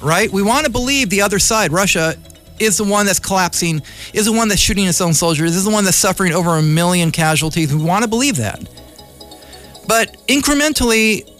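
A man's voice: high voice, fairly bright tone. A man hosting a community radio show, delivering an impassioned, rambling, argumentative commentary monologue from the studio.

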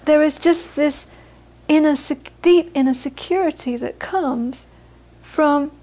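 A woman's voice: high-pitched, slow, mellow. A woman Buddhist teacher giving a dharma talk to a group, telling stories with frequent restarts and repeated words.

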